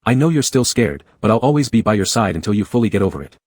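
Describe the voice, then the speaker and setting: A man plays a soothing male teacher in a storybook romance, speaking low and soft with a quiet, possessive pull. The voice is husky and dry, close to the mic. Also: sing-song, quick pace, no echo. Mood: tender.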